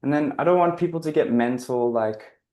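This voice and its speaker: A man's voice: medium pitch, fairly quick, mellow. Earnest rambling man telling a story. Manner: earnest, rambling, self-correcting, heavy use of "like". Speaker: guest speaker on spiritual living. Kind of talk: casual reflective storytelling talk.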